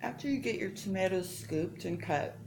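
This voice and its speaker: A woman's voice: mid-range voice, normal speed, vocal fry. A woman chatting her way through a casual home cooking demonstration, rambling and interrupting herself as she goes. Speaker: home cook showing recipes. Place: home kitchen. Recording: echoey room with background noise.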